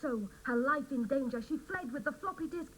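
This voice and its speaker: An actress playing an eager, gullible do-gooder in a sitcom, earnest and gushing. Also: female voice, high voice, lively intonation, moderate pace, rough recording. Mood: thrilled. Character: eager, gullible do-gooder woman who craves excitement. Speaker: refuge resident. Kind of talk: 1980s TV sitcom acting. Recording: hissy old TV soundtrack.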